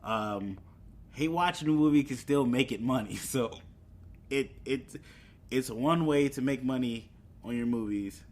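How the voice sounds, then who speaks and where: A man's voice: medium pitch, unhurried. Casual chatty podcast host man. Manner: casual, chuckling, rambling with fillers. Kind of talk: solo podcast news chat.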